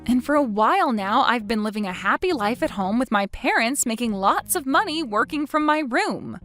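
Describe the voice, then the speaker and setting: Brief: woman narrator, slightly high, very animated, firm scripted story reading. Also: moderate pace, soft background music.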